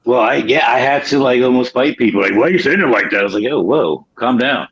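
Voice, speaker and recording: Guy on a muffled lo-fi call, laughing, animated storytelling. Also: medium pitch, quick pace, vocal fry, slightly rough. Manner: laughing, animated retelling of stories. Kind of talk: casual group chat.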